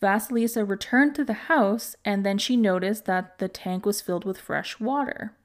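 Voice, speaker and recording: Podcast lady reading a fairy tale, calm and measured. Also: medium pitch. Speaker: podcast host. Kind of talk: storytelling narration.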